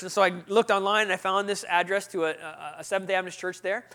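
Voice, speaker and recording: Bright, high-voiced man telling a story. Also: a little fast, few pauses. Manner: animated storytelling, acts out voices, swings from loud to hushed. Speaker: preacher. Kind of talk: sermon storytelling.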